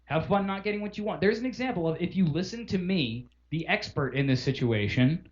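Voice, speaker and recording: A man with a slightly high voice rants in casual podcast chat, swearing freely and acting out both sides of phone calls. The audio is dull and lo-fi. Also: animated, brisk. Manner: profane, exasperated ranting with acted-out phone calls. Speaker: podcast co-host.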